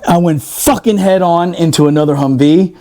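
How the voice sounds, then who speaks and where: Man, somewhat high voice, casual podcast storyteller, swears a lot, laughs often. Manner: profane, animated, laughing often. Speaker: podcast storyteller, former Marine.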